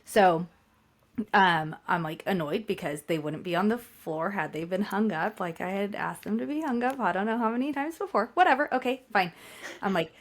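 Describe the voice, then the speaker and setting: A woman's voice: medium pitch, animated, normal speed. A middle-aged woman co-hosting a podcast, venting in a chatty, exasperated way about a mishap at home. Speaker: podcast co-host. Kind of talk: casual storytelling chat.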